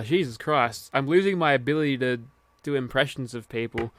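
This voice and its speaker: A man's voice: mid-range voice, normal speed, fairly bright tone. A man streaming a game, giving casual commentary while he mutters, grumbles and swears.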